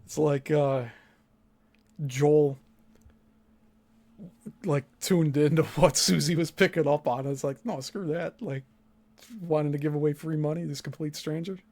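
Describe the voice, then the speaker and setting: Man, podcast host, blunt, profane, emphatic, slightly high voice. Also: steady tone, unhurried, long pauses, darkish tone. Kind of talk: casual podcast commentary.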